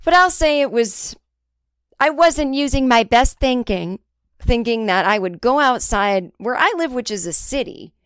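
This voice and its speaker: A woman's voice: on the high side, lively intonation, measured pace, fairly bright tone, smooth, no echo, studio quality. A woman comedian hosting her own podcast, talking in a candid, rambling and sometimes profane casual monologue. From United States.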